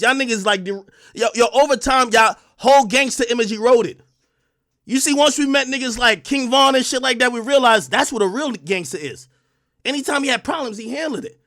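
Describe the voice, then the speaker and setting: A man on a livestream, ranting loudly and profanely at a rival, swinging between shouting and calmer talk. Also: extremely high pitch, brisk, no echo, clean studio sound. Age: adult under 45. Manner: loud, profane, combative, swings from shouting to calm. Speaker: streamer commentator. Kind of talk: heated livestream rant.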